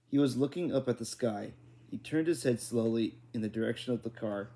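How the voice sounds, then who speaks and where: Mellow-voiced man reading a kids' book. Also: medium pitch, fairly quick. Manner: unpolished, frequent restarts and self-corrections. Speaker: reader. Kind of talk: children's book read-aloud.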